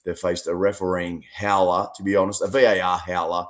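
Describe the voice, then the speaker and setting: A very low-voiced Australian man chats as a podcast co-host. He talks in an animated, rambling way and doubles back on his words. The tone stays casual and friendly. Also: fairly quick. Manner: animated, chatty, repeats words.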